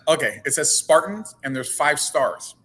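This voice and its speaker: A man's voice: on the high side, expressive, normal speed, a bit bright, slight background noise. A man speaking as a guest in a casual interview, earnest and often repeating and restarting his words.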